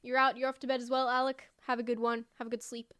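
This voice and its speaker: A woman's voice: on the high side, flat delivery, fast, fairly bright tone, clear, resonant tone, no room sound. A woman game streamer chatting casually on a live stream at home, rambling through opinions and reading chat aloud. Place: home room.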